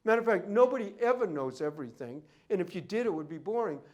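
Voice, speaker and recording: A man's voice: sits high, lively intonation, fast, darkish tone. A man who deals in and appraises rare books, telling rambling anecdotes at a library talk. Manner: rambling storyteller, goes off on tangents. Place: library event room.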